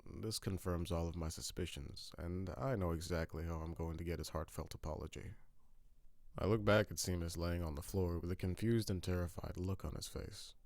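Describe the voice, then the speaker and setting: A man with a very low, deep voice narrates a horror story in a steady, grim tone. The recording is dry and close, with no room sound. He reads it as scripted narration. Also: normal speed, no room sound.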